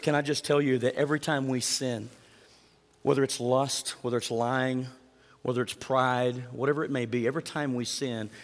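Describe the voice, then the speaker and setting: A man's voice: mid-range voice, in a large hall. A male pastor preaching a sermon in a conversational way, often putting direct questions to the congregation.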